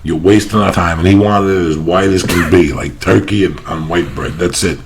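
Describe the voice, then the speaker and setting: Gravelly man telling loud, profane stories. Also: low-pitched, normal speed, background noise. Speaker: podcast host. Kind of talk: casual chat.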